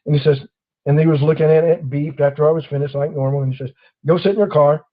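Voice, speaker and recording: A man's voice: a little high, fast. Man, casual storytelling talk, acts out quotes, dull lo-fi recording. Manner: animated storyteller acting out quoted officers. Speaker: host.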